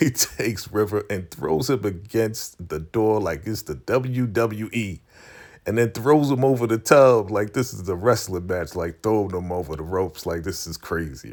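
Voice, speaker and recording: A man giving a casual, animated TV recap, slangy and laughing often. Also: on the low side. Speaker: vlogger recapping a TV show.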